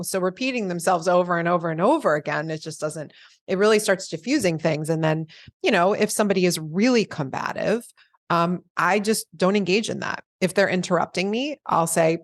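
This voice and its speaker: A woman in her forties, an attorney being interviewed, speaking calmly and evenly and acting out the lines of people she has dealt with. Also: fairly low pitch, dry recording, studio quality. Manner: calm, measured, acts out quoted dialogue. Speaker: attorney guest. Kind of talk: conversational interview answers.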